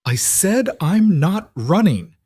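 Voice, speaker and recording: A man voicing a defiant young woman witch in a fantasy audiobook, high and strained. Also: big pitch swings, takes it slowly, dark tone, slightly rough, no echo, clean studio sound, exaggerated voice.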